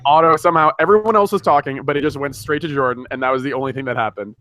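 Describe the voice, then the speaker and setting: A man rattles off jokes at high speed in a casual podcast chat. His voice is bright and forceful. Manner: joking, fast and excitable. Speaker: podcast co-host. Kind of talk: casual group chat on a video call.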